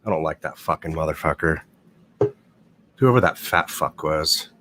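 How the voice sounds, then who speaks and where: A man's voice: a bass voice, animated, normal speed, background noise. A man hosting a casual livestream, swearing freely and rambling as he talks through gossip. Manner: profane, rambling, blunt. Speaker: livestream host.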